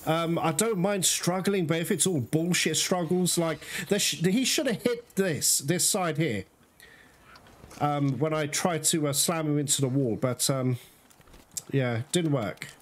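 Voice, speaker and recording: A man's voice: a little high, unhurried. A man doing let's-play commentary, exasperated and swearing often as he talks to his viewers. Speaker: gaming channel host. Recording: loud game music behind voice.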